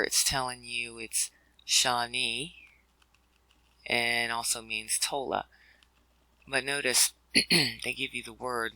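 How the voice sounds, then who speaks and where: A man's voice: mid-range voice, vocal fry, sharp tone, no room sound, low-quality recording. A man teaching a scripture word study in a conversational way, with fillers and restarts, addressing listeners as brothers and sisters. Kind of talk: explanatory video lesson.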